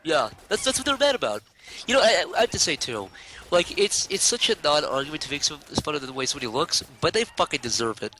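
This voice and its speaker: A young man with a quick, bright, slightly high voice rattles off crude jokes. He co-hosts a casual game stream and keeps the banter rolling. The voice stays sharp and energetic. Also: slight background noise, rough recording. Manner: rapid, crude joking. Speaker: co-host. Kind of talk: casual chat while gaming.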